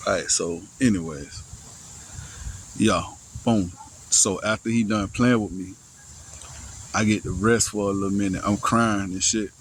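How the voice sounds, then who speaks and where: A young man with a fairly low voice tells a personal story in loose, halting street slang. He restarts his sentences, sighs between thoughts and swears freely, all in a casual first-person way. A faint hiss sits under the voice. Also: steady tone, low-quality recording.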